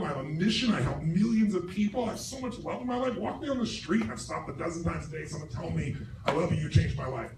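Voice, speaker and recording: A middle-aged man speaks at a live seminar, asking a large audience questions and swearing freely. His voice sits high for a man and is forceful throughout. The recording catches him from a distance in a roomy hall, with loud background noise. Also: creaky. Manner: forceful, profane, asks the crowd questions. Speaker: motivational speaker. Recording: roomy stage recording from far off, noisy.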